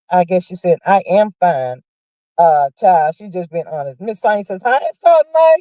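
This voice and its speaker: Sassy higher-pitched woman hosting livestream chat. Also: darkish tone, no echo. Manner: sassy, exclamatory, peppers talk with "child" and "honey"; reads viewer comments aloud. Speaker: livestream gossip host. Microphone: streaming setup mic. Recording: dull lo-fi livestream audio.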